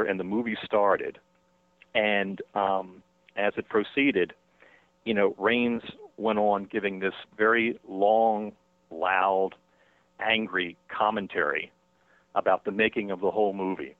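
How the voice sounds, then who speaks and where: A man, an author being interviewed by phone, talking in a halting way with many fillers and restarts. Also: lowish voice, no echo. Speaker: author and guest. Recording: tinny dry phone line.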